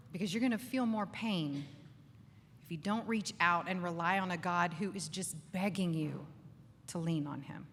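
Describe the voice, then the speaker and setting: A woman giving an animated faith talk to a live audience in a bar, acting out inner voices and asking the crowd for agreement. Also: on the low side, normal speed, a little hiss or hum. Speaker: speaker. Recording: distant voice with long reverb, faint ambience.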